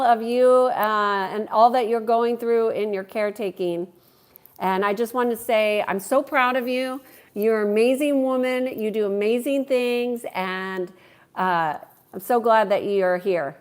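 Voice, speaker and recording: A woman's voice: a little high, unhurried, clear, resonant tone. A woman hosting a live stream, chatting with viewers and answering their questions in a friendly, talkative way. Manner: warm, chatty, greets viewers by name. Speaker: livestream host and coach.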